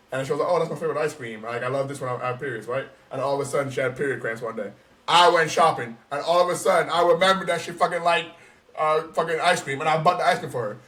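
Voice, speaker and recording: A man holds forth on a casual podcast, animated and emphatic, swearing freely as he makes his point. His voice sits a little high for a man. He sounds a bit back from the microphone. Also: distant mic. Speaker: podcast co-host.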